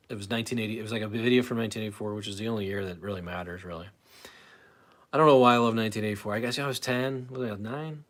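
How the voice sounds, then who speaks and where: With a mid-range, somewhat bright voice, a forties-aged man runs a loose, rambling live stream. He keeps interrupting himself and starting over, padding his speech with fillers.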